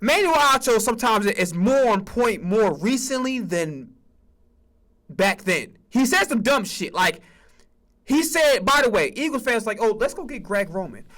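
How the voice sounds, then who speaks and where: A man's voice: very high voice, lively intonation, unhurried, a bit bright. A man hosting a sports stream, ranting heatedly about football with constant swearing and stammered repeats. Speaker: sports streamer and podcast host. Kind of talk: profane sports rant.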